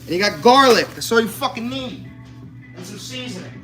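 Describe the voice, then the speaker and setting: A man's voice: extremely high pitch, expressive, fairly quick, bright, forceful tone. A man chatting casually to camera while cooking in his home kitchen, swearing freely and joking in a brash, chatty way. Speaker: home cook vlogger. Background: music.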